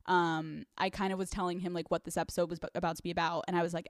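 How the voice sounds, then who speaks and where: A woman's voice: on the low side, flat delivery, fast, hardly any pauses, no echo, clean studio sound. A woman hosting a podcast in casual chat, candid and profane, laughing often. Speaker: podcast host.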